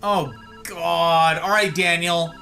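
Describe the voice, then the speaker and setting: A man's voice: a little high, fairly even intonation, slow pace, vocal fry, bright, forceful tone, faint music behind. A man streaming a video game, joking playfully with his chat and putting on silly voices. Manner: playful, goofy, jokey voices. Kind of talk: live game commentary.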